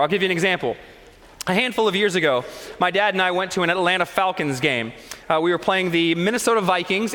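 A man's voice: high-pitched, pushed and bright. A man preaching a sermon as pastor, talking casually and speaking straight to his congregation. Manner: conversational, addresses the congregation directly. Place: large church sanctuary. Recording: long reverb of a church hall.

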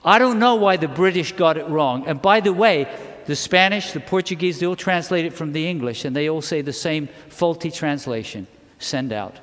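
A man's voice: on the high side, normal speed, fairly bright tone. A man preaching a sermon to his church congregation, impassioned and emphatic, often putting questions to his listeners. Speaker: pastor. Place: church sanctuary. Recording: reverberant hall.

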